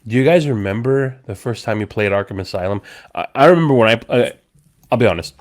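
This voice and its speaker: Animated swearing man telling a story. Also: on the low side, fast talker. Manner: animated storyteller, swears a lot, acts out quotes. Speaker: podcast host. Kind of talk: casual chat among friends.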